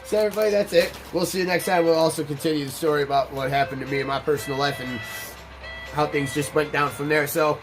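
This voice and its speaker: A man's voice: on the high side, fast talker, over music. A man hosting a let's play, telling a personal story and cursing freely as he plays. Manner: candid, profane, animated. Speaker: gaming channel host.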